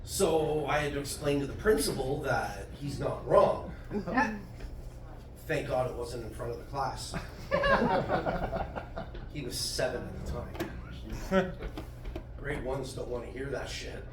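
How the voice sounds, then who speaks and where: A man's voice: mid-range voice, a little slow, long pauses, recorded from a distance. A middle-aged man doing a stand-up comedy set at a club, telling crude, self-deprecating stories about his family. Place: comedy club stage with audience. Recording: roomy club sound from afar, noisy.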